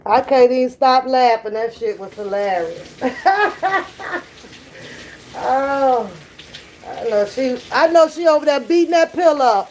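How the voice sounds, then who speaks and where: A woman's voice: high voice, expressive, takes it slowly, long pauses, a little mellow, slight background noise. A woman hosting a casual livestream reaction chat, laughing often, profane, calling her viewers y'all. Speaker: livestream host.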